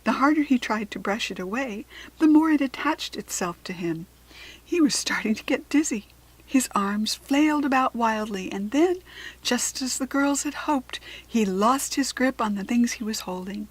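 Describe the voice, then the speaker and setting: An American woman reading a children's storybook aloud in a gentle, expressive way. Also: fairly high pitch, normal speed, low-quality recording. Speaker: children's book reader.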